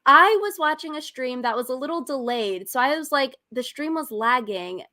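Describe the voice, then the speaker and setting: A woman's voice: high-pitched, lively intonation, normal speed, bright, forceful tone. Chatty young woman co-host. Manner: chatty, laughs often. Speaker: podcast co-host. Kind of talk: casual recap chat.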